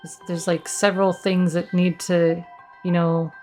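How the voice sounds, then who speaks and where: A woman's voice: on the low side, level tone, unhurried, mellow, faint music behind. A woman streamer reading a visual novel aloud, breaking off into giggly, flustered asides and playful reactions.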